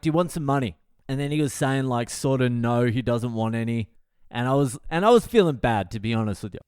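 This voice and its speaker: With a clear, resonant, mid-range voice, a middle-aged Australian man hosts a podcast and tells a casual, animated story full of profanity, often laughing at himself. The clean studio recording has no room sound.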